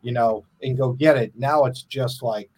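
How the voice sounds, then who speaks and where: A man's voice: mid-range voice, moderate pace, darkish tone. A middle-aged man, an independent musician, chatting casually on a podcast, rambling and self-deprecating as he trails off.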